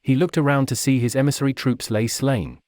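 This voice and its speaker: A man narrates a fantasy tale in a steady, measured reading voice. His pitch sits in the middle, and the recording is dry and close. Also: dry recording. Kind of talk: storybook narration.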